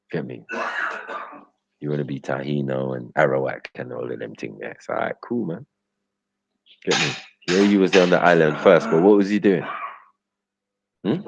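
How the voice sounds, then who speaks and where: A man's voice: extremely low pitch, gravelly, darkish tone, slight background noise. A man hosting a livestream, ranting casually and laughing, often asking "get me?". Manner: loose, slangy, laughing, keeps asking "get me?". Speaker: livestream host. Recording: dull lo-fi audio.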